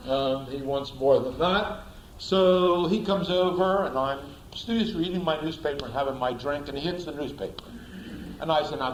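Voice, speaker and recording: Animated man lecturing through a story. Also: fairly high pitch, reverberant, a little hiss or hum, rough recording. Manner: animated, repeats words for emphasis. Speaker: speaker, lecturer.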